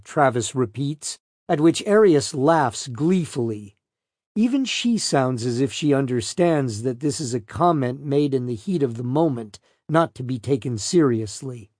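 A man's voice: medium pitch, a little mellow, no room sound, studio quality. Matter-of-fact male audiobook narrator. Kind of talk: true-crime audiobook narration.

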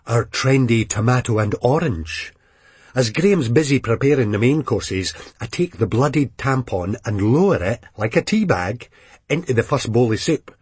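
Brief: male audiobook reader, mid-pitch, husky, dry close sound, wry first-person telling. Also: darkish tone, no echo. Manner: wry, seething first-person storytelling with frequent swearing. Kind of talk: first-person novel narration.

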